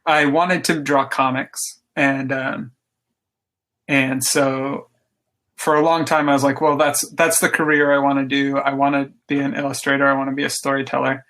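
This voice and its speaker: A man's voice: medium pitch, little pitch movement, normal speed, a bit bright. A man guesting on a podcast, chatting casually and enthusiastically about his hobby, with many "like" fillers. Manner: rambling, lots of "like" fillers, enthusiastic. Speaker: podcast guest, game designer. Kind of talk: casual interview chat.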